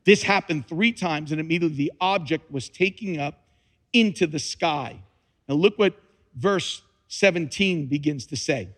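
A man's voice: on the high side, normal speed, fairly bright tone. A man preaching a sermon, reading scripture dramatically with emphatic repetition and touches of humor. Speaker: pastor. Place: church sanctuary. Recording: long reverb of a large hall.

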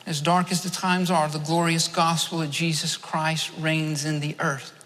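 A fervent male preacher with a bright, forceful voice, pressing his points through repetition. His sermon carries in a large hall, and each phrase trails off into a long echo. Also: on the high side, little pitch movement, measured pace. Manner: fervent, repeats phrases for emphasis.

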